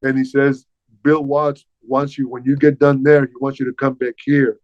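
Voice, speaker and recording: Older man, interview guest. Animated storyteller, stumbles and repeats words. Mid pitch, dull, dry recording. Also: moderate pace, dry recording. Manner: animated, repeats words while recounting past dialogue. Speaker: interview guest, former wrestler. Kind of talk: casual storytelling. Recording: dull, slightly muffled dry sound.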